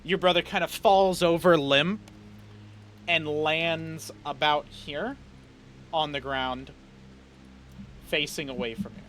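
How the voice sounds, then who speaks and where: A man's voice: on the high side, fairly even intonation, takes it slowly, long pauses, a bit bright, faint music behind. A man narrating as game master of a tabletop game in a casual, swearing style.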